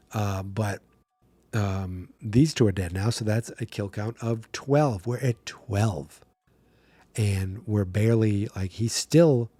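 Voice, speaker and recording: Male podcast host, mellow tone, dry close mic, chatty animated film recap. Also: on the low side, no echo. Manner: chatty, animated retelling with quick acted-out voices. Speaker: horror movie podcast host.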